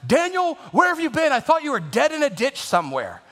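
A woman's voice: sits high, wildly swooping pitch, fairly quick, voice pushed up. A man voicing a worried older mother who scolds her son for coming home late, in an echoey hall. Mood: frantic scolding. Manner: anxious, scolding.

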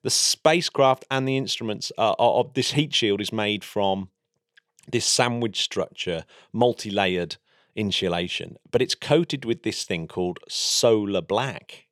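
Low-voiced enthusiastic English man. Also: measured pace, fairly bright tone, no room sound, studio quality. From England. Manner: enthusiastic, explanatory. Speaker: podcast co-host. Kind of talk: casual science chat.

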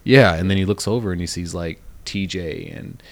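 A man with a low voice that swings widely in pitch, chatting casually on a podcast. He retells a cartoon episode with big energy, loudly acting out the characters and cursing offhandedly. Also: moderate pace, creaky. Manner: animated storytelling, acts out characters' lines in raised voices, swears casually. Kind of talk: casual chat recapping a cartoon.

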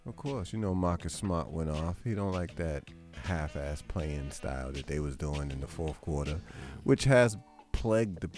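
A man's voice: extremely low pitch, animated, normal speed, hardly any pauses, darkish tone, faint music behind. A man co-hosting a radio show, trading teasing banter about sports. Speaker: radio co-host. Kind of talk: casual sports chat.

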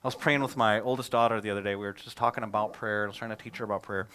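A man, a pastor, preaching a sermon in a conversational, animated way, telling stories and asking rhetorical questions. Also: fairly low pitch, very fast, clean tone.

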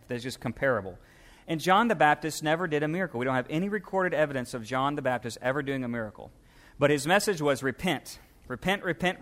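A man preaching with emphasis, his voice sitting a little high for a man. He reads scripture aloud and hammers home his points, slowing down on the words that matter. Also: fairly bright tone. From United States. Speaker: pastor. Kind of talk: sermon.

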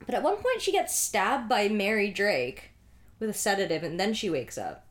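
A woman co-hosts a podcast in loose, casual chat. Her voice sits at a middle pitch. She swears freely and slips into put-on voices to retell scenes. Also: very animated, moderate pace. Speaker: podcast co-host.

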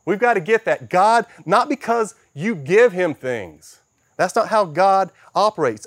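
A middle-aged man preaching a sermon as a pastor, emphatic, swinging between loud stresses and soft, quiet passages. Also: fairly high pitch, no echo, clean studio sound.

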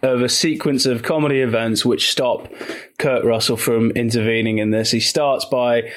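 Male co-host, mid pitch, eager storyteller, swears freely. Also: fairly even intonation, moderate pace, a bit bright. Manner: enthusiastic, rambling, sweary. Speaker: podcast co-host. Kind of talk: casual chat.

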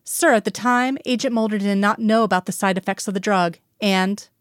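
A woman's voice: medium pitch, a little fast, no echo, studio quality, lightly acted. A woman voicing a loyal, resolute female FBI agent who speaks firmly and evenly in a storybook reading.

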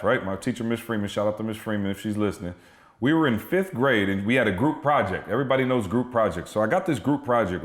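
Thirties guy hyped up telling stories on a podcast, roomy echoey sound. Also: fairly low pitch. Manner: animated, emphatic. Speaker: podcast guest, motivational speaker. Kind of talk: energetic storytelling.

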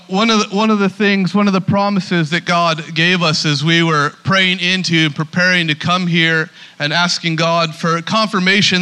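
A man's voice: high-pitched, pushed and bright, smooth. A man preaching a sermon as pastor, emphatic, often repeating words as he starts a sentence.

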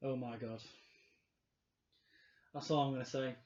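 A man with a Yorkshire accent co-hosting a casual chat, halting and opinionated, often restarting. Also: medium pitch, fairly even intonation, darkish tone. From England. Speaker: podcast co-host. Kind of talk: casual chat reviewing wrestling. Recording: roomy, slightly dull sound.

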